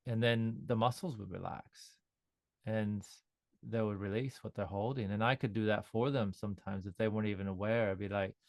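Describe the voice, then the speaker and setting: Relaxed man rambling in a dry room. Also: lowish voice, moderate pace, creaky, no room sound. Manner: relaxed, rambling with frequent restarts. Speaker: sound healer guest. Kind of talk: casual interview talk.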